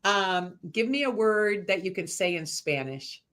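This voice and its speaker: A woman hosting a live-stream interview, firing quick questions in a bubbly, teasing way and laughing often. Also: mid-range voice, animated, fairly bright tone. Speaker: host.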